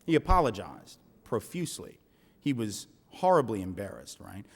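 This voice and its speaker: A man's voice: fairly low pitch, sing-song, moderate pace, gravelly, husky. A man speaking to a live audience at a college event, telling a story conversationally, with frequent restarts and "right?" asides. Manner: conversational, many restarts and tag questions. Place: large lecture hall. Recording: echoey hall reverb.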